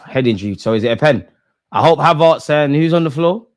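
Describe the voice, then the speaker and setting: Animated young man. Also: a little high, moderate pace. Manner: animated, slangy, swings between shouting and muttering. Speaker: football watch-along host. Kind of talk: live match watch-along commentary.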